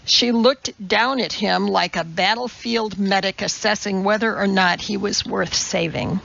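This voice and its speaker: Slow, gravelly woman narrating a story. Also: mid-range voice, fairly even intonation, a bit bright, a little hiss or hum. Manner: measured, deliberate reading. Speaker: audiobook narrator. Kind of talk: scripted narration. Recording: slightly dull recording.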